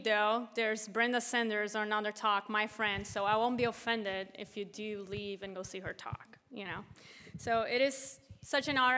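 A woman from Brazil gives an activist talk in a casual, conversational way, full of fillers. Her voice is fairly high and rings with a long reverb in a large hall. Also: bright, forceful tone, a little hiss or hum. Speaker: conference speaker, activist. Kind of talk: conference talk.

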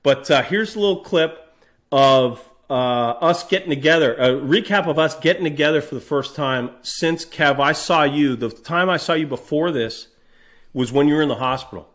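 A man co-hosting a podcast, telling stories in casual chat in an animated way. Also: a little high, normal speed. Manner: animated, acts out voices in anecdotes. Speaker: podcast co-host.

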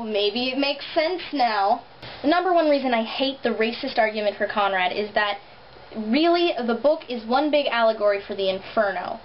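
Chatty young woman with a slight lisp. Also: on the high side. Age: young adult. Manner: animated, sarcastic, chatty. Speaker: vlogger. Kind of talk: casual vlog chat. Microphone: built-in camera mic. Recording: dull lo-fi camera audio, faint hiss.

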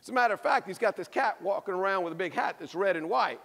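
A man preaching a sermon as a pastor, telling a story with lively emphasis and repeated phrases. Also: high voice, a little fast, few pauses. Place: church. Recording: echoey church hall.

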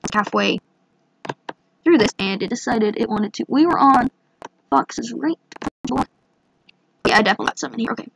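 A young woman with a hoarse voice, chatting excitedly through her gameplay with lots of fillers. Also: a little high, moderate pace, pauses often, background noise. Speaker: gaming channel host. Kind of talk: casual gameplay commentary.

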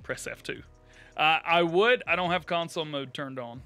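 A man with a drawl hosting a live game stream, chatting casually with viewers, laughing often and thanking them warmly. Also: on the high side, moderate pace. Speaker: live-streaming gamer host. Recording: light game music behind.

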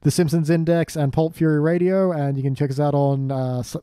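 Mellow-voiced man co-hosting a podcast. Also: on the high side, a little fast, no echo, studio quality. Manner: relaxed, chatty, reads the show's plug in a mock announcer voice. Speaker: podcast co-host. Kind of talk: casual chat.

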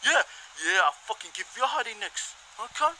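A man plays a foul-mouthed Kiwi schoolboy bully with a New Zealand accent in a homemade cartoon. The voice sits high and sounds sharp and tense, spitting out curses and threats. The lines are pushy and aggressive. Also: big pitch swings, fairly quick, slight background noise, exaggerated voice, rough recording. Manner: swears constantly, aggressive threats. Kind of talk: amateur cartoon voice acting.

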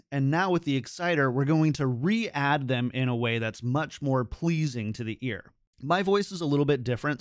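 A man presenting a microphone tutorial, explaining settings in a clear, instructive way and testing sounds close into a studio mic. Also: mid-range voice, no echo. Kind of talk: scripted product tutorial.

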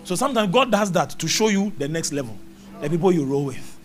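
High-pitched, animated preaching man. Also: a little fast, soft background music. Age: middle-aged. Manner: emphatic, repetitive preaching with scripture quotes. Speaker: pastor. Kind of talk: sermon. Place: church service.

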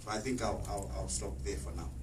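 A man's voice: sits low, a little fast. A middle-aged man speaking on a panel, earnest and repeating words as he searches for them. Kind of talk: panel discussion speech. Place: exhibition hall. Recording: echoey hall, distant mic, faint noise.

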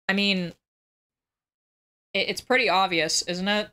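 A woman's voice: a little high, big pitch swings, slow, long pauses, bright, forceful tone. A woman streamer chatting casually on a livestream, blunt and crude, swearing freely.

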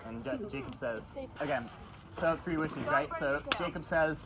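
Young guy making up a story at a party, keeps tripping over himself, loud party noise all around. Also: mid-range voice, normal speed. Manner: rambling, self-interrupting, chuckling asides. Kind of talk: improvised storytelling. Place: house party indoors. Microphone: phone camera.

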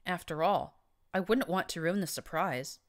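A woman voicing a manipulative female pony leader with a smooth, purring way of talking, in an audiobook reading. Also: lowish voice, normal speed, lightly acted. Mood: smooth, scheming.

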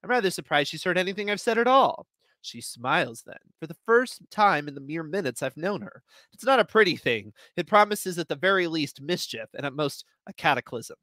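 A man reads short stories aloud in an expressive first-person voice. His tone is bright and slightly high, and the sound is close and dry. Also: fairly quick, dry recording. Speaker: reader. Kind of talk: live story reading.

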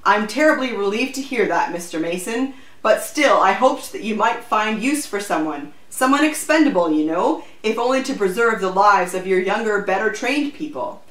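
A woman voicing an earnest, gently insistent older lady who wants to volunteer as a spy. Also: medium pitch, expressive, moderate pace, hardly any pauses, echoey room, close to an everyday voice, poor audio. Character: elderly widow eager to be a spy.

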